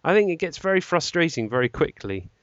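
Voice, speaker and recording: A podcast co-host with a voice on the high side chats casually, talking fairly quickly with big pitch swings. He rambles, corrects himself and says "um" a lot. The recording is dry, dull and slightly lo-fi.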